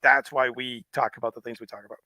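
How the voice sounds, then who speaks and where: A man's voice: medium pitch, steady tone, quick pace, pushed and bright, no echo. A man co-hosting a casual faith podcast, speaking in an encouraging, preachy way and often affirming his partner. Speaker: podcast co-host.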